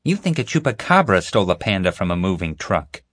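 A man's voice: mid-range voice, sing-song, moderate pace, pitched above the performer's own voice. A man voicing an earnest, lecturing boy who explains things grimly for an audiobook. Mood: earnest explaining. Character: boy, excitable animal-trafficking know-it-all.

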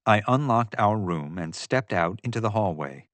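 A man giving steady, measured first-person audiobook narration. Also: fairly low pitch, no echo.

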